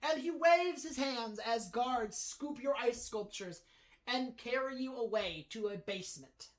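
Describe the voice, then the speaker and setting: A woman's voice: on the high side, unhurried, poor audio. Woman narrating as game master. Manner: dramatic narration with frequent restarts and laughs.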